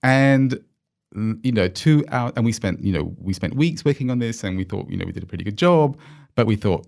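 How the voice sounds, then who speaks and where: Low-voiced Australian man telling stories. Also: brisk, vocal fry. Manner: animated, encouraging, with many fillers and restarts. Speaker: guest. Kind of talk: casual storytelling interview.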